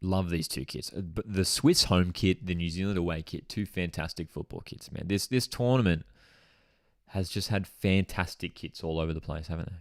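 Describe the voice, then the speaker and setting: A man hosting a live football watchalong, reacting to goals with excitement and chatting to viewers as he reads their comments aloud. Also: low voice, normal speed, no echo, studio quality.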